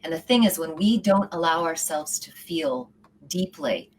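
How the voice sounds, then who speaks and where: In a low-quality recording with a little hiss or hum, a middle-aged yoga teacher talks as a casual interview guest. Her voice is deep and darkish, with lively intonation and an unhurried pace. She is heartfelt and sincere, her ideas spilling out in long, run-on streams.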